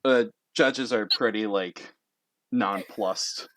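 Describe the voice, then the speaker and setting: A man's voice: lowish voice, takes it slowly, background noise. A young man narrating a tabletop game as game master, in a casual, rambling way full of fillers.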